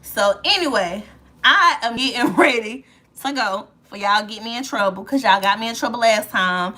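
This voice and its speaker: A woman's voice: fairly high pitch, normal speed, pushed and bright. A woman chatting casually to her viewers on a live stream, gushing and playful, talking straight to them. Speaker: livestream host.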